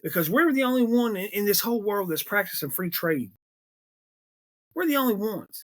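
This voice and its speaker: A man's voice: high voice, expressive, moderate pace. A man hosting a political podcast, ranting emphatically and repeating himself when aggravated. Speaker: podcast host. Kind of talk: political commentary rant.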